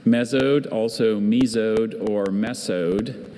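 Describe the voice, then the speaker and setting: A man, the pronouncer at a spelling bee, reading definitions and word origins in a measured, patient way. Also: on the low side, mellow, a little hiss or hum. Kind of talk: reading word information aloud. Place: large competition hall. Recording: hall reverb, faint ambience.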